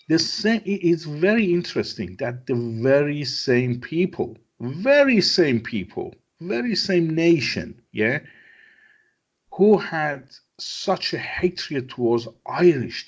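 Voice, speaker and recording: A man's voice: medium pitch, husky, lo-fi sound. A man from Iran, a guest in an interview, speaking emphatic English that is not his first language and repeating his phrases. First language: Persian. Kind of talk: conversational interview.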